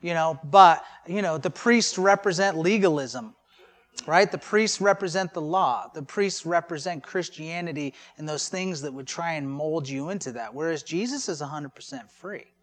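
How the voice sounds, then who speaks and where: Speaking at a moderate pace in a slightly high voice, this pastor delivers his sermon like a conversation, peppered with jokes on the side and questions he doesn't expect answered.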